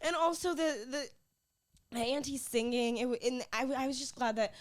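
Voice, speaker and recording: A woman's voice: sits high, normal speed, no room sound, clean studio sound. A woman co-hosting a fan podcast who mostly chimes in with short reactions and agreement. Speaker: podcast co-host. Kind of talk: casual fan chat.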